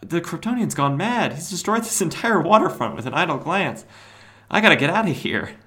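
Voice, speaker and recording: A man's voice: a little high, very animated, brisk, bright, forceful tone, voice pushed up. Man doing a frantic panicked supervillain. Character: panicked male supervillain Cobra.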